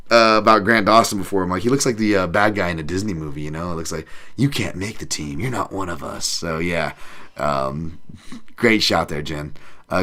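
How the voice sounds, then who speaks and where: A man hosts a podcast in loose, casual talk, reading out chat messages and answering them with plenty of swearing and self-mocking jokes. His voice sits a little low and has a bright, forceful edge. He laughs easily and drops into silly voices now and then. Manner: profane, self-deprecating, reads chat aloud; laughs often, does funny voices. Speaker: podcast host. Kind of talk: casual live-stream chat.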